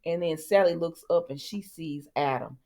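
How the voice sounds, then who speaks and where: A woman's voice: sits low, moderate pace, a little mellow. A woman casually recapping soap opera scenes in a sassy, chatty way, talking straight to her viewers and acting out the characters' lines.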